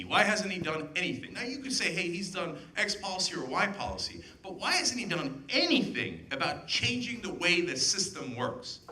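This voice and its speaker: A man's voice: fairly high pitch, pushed and bright, a little hiss or hum. A man, giving an impassioned public speech and firing off sarcastic rhetorical questions. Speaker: political commentator giving a speech. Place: event hall with audience.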